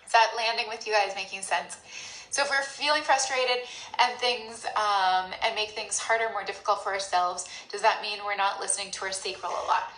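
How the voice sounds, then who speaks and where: Bright-voiced woman coaching in an echoey room. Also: medium pitch, moderate pace. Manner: animated, acts out inner voices. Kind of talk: coaching talk to a group.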